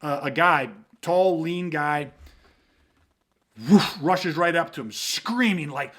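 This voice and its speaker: A man's voice: fairly high pitch, unhurried, bright, forceful tone. A man, a self-defense instructor, telling stories in a casual podcast chat, rambling and swearing, with lots of "you know what I mean".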